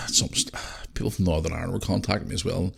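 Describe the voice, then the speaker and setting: A man's voice: deep voice, steady tone, quick pace, gravelly, breathy edge, in a whisper. A man hosting his own podcast in a loose, chatty way, swearing freely as he talks to listeners. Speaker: podcast host. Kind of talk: casual solo podcast chat.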